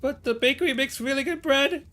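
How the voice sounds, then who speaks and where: A man's voice: very high voice, brisk, pushed and bright, voice pushed up. A man voicing a timid, scrawny young male recruit in a tabletop game, meek and questioning.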